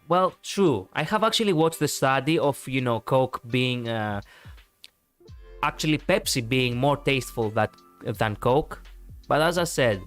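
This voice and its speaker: A man chats loosely on a live stream, rambling from thought to thought and answering viewers' comments as they come. His voice sits at a middling pitch, and faint music plays underneath. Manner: rambling, chatty, reacting to chat, frequent fillers. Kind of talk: casual live-stream chat.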